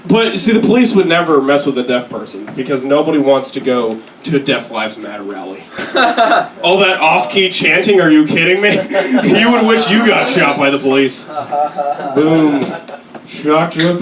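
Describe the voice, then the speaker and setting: A young man performing a stand-up set, telling crude, self-deprecating stories and slipping into quick put-on voices. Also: on the high side, animated, a crowd in the background. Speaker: stand-up comedian. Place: comedy club stage. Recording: echoey room, mic at a distance. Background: audience laughter.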